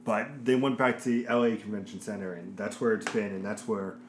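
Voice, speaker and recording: A man's voice: fairly low pitch, steady tone, a little fast. A man co-hosting a casual gaming chat, rambling and searching for words as he talks. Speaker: podcast co-host. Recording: echoey room, faint noise.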